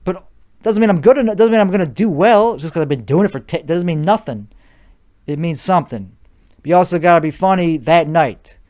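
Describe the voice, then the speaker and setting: A man's voice: fairly high pitch, animated, brisk, darkish tone. A man with a put-on Chicago accent, overtired and sleep-deprived, hosting a rambling solo podcast monologue, profane and argumentative, repeating himself. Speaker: podcast host.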